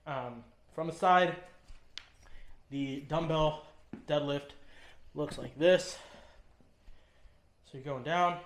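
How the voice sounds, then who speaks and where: A man coaching a workout in a gym, his voice bouncing off the room around him. He sits a little high for a man and talks in short cues while he lifts, with plenty of ums between them. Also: slow, pauses often, echoey room, slight background noise. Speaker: fitness trainer. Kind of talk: instructional demonstration. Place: gym, indoors.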